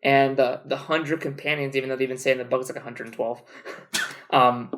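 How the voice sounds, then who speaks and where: A young man talks casually on a podcast, piling up restarts and fillers as he retells a plot. He jokes and swears freely, and his tone stays animated and playful. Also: medium pitch, moderate pace. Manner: rambling, animated, joking, swears. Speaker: podcast co-host. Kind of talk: casual chat.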